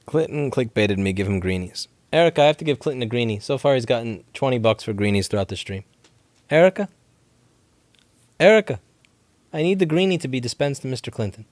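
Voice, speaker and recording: A man's voice: medium pitch, expressive, fairly quick, no room sound. A man hosting a casual live question-and-answer stream from his repair shop, talking animatedly, swearing and laughing often. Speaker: livestream host.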